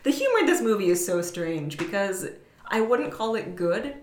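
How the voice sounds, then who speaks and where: A woman co-hosting a casual movie chat, animated and giggly, often acting out the lines she quotes. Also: mid-range voice, normal speed, a little hiss or hum. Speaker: podcast co-host. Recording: roomy echo.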